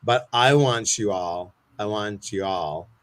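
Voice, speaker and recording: A man's voice: on the low side, slow, clear, resonant tone. An American man hosting a casual live chat, playful and talkative, reading viewer comments aloud to his guest. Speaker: host.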